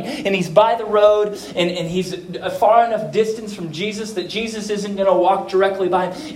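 A man preaching a sermon as pastor, earnest, moving between soft, quiet moments and emphatic stresses. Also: high voice. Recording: echoey room.

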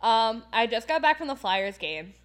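A woman's voice: fairly high pitch, big pitch swings, moderate pace, clear, resonant tone. A woman from Philadelphia hosting a casual podcast chat, ranting with heated profanity and many fillers. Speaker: podcast host.

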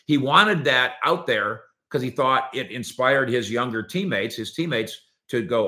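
A man hosting a sports opinion show, talking in an animated, sarcastic way and acting out quotes from players and coaches. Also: medium pitch, a little slow, few pauses.

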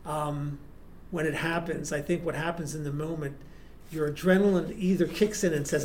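A man, a guest performer, telling casual anecdotes in an animated way with frequent restarts. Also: on the high side, normal speed. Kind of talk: casual storytelling.

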